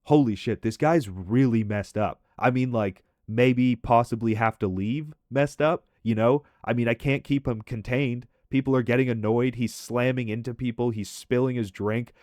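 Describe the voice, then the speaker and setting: Young male storyteller, mid-pitched, animated and profane, close dry mic. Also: moderate pace, hardly any pauses, no echo. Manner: animated, swearing, acts out his own reactions. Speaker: storytelling commentary host. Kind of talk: casual storytelling over gameplay.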